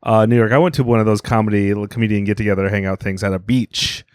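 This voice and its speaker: A man co-hosting a comedy podcast talks fast in a lowish, clear, resonant voice with fairly even intonation, on a dry, clean studio recording. In casual comedic chat, he rambles through stories, acts out quotes, and grumbles that he's a hater who hates everything.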